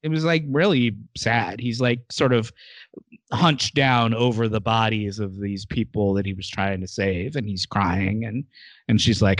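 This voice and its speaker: A man's voice: lowish voice, unhurried, no room sound. A man hosting a casual podcast chat, recapping an episode and acting out the characters' lines. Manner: animated storyteller, acts out characters' lines. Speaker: podcast host.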